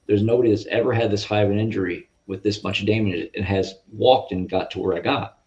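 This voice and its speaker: Guest man, low-pitched, earnest and halting, on a dull lo-fi video call line. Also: steady tone, darkish tone. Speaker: interview guest. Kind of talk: personal faith testimony. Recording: muffled lo-fi audio.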